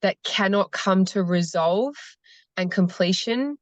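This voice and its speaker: A woman who facilitates cacao ceremonies, speaking slowly and earnestly as a guest on a podcast. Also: mid-range voice, no room sound. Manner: slow, earnest storytelling. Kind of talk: podcast conversation.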